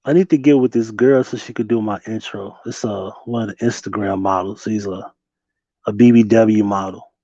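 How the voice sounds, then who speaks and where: Young guy on a late night live, chill slangy rambling, mellow dull mic. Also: lowish voice, steady tone, normal speed, dry recording. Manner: loose, laughing, slangy, talks to chat. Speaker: livestream host. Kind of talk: casual late-night livestream chat.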